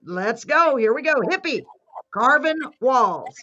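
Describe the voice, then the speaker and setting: A woman hosting a live show, excitable and bubbly, talking fast. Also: high voice, muffled recording. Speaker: host.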